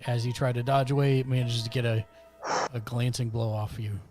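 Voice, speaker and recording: A man's voice: mid-range voice, steady tone, fairly quick, warm tone, soft background music. A man running a tabletop game as game master, narrating the action steadily with small fillers.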